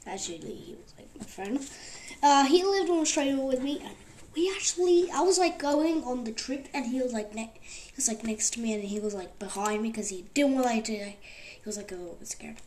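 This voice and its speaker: A woman's voice: on the high side, animated, fairly quick, darkish tone, a little hiss or hum. A woman hosting a podcast, talking in a loose, rambling way with many fillers. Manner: rambling, full of fillers like "like" and "actually". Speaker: podcast host. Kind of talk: rambling casual talk.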